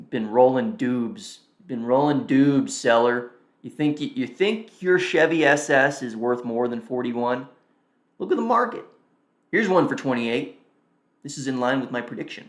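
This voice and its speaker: A man hosting a casual live stream, his voice sitting at an ordinary middle pitch. He thinks aloud and mutters quick reactions as he goes. The sound is roomy, with a clear echo around him. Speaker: livestream host.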